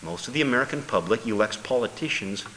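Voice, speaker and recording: A man preaching a sermon with emphatic delivery, dropping low and then bursting into loud exclamations. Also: animated, fast. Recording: hall reverb with faint noise.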